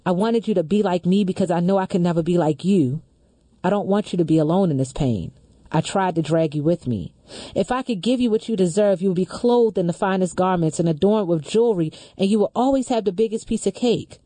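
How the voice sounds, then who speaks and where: Female talk host, mellow tone, close and dry, earnest measured reader. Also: fairly low pitch, no echo. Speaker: radio show host. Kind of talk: reading a letter aloud, then discussion.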